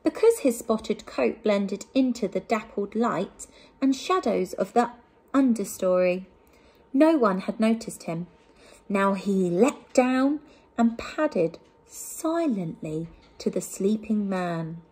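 A woman teacher from England reading a picture book aloud to young children, with gentle asides to them. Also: medium pitch, animated, slow pace, breathy edge.

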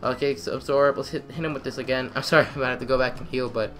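A young man giving excitable let's-play commentary, trash-talking the game and repeating phrases in quick bursts. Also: mid-range voice, soft background music. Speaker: gamer.

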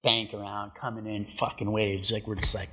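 A middle-aged man, a pro surfer and commentator, telling stories as a guest in a casual chat, profane and animated. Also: on the low side, normal speed, slightly rough, long reverb tail. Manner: profane, animated, acts out quotes.

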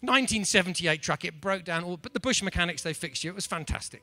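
A man giving a humorous storytelling talk at a business breakfast, lively and asking the audience rhetorical questions. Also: sits high, quick pace, no echo.

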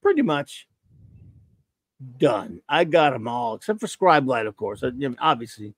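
Lively, jokey male stream host. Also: mid-range voice, moderate pace, no room sound. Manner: rambling, jokey, greets chat viewers. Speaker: podcast host. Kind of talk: casual live-stream chat.

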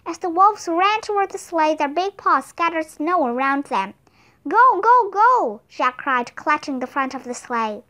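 A woman narrating a children's book read-aloud in an expressive, even-paced way. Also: sits high, moderate pace, few pauses. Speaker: storyteller.

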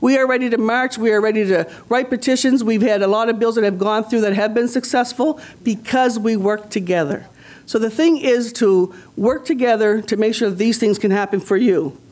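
A woman from Nova Scotia, Canada, who leads her community, delivers rousing, rhetorical panel remarks at a conference, hammering home points by repeating phrases. Her voice is a little high and a little mellow, at a normal speed.

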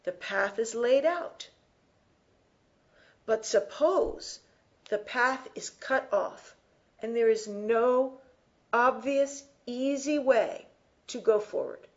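A woman teacher lecturing on a book, reading lines aloud and defining key words with slow, deliberate emphasis. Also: on the high side. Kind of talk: lecture, close reading of a text.

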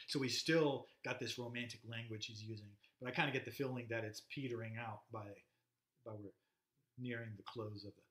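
A man's voice: mid-range voice, steady tone, fairly bright tone. Man lecturing in an echoey room. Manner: conversational, halting, filler-heavy, reads passages aloud. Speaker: literature lecturer. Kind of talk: recorded classroom lecture.

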